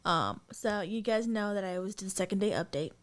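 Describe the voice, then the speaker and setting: A woman's voice: medium pitch, fairly quick. A young adult woman co-hosting a podcast, telling stories in a loose, rambling way with lots of ums and likes. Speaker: podcast co-host. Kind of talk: casual chat.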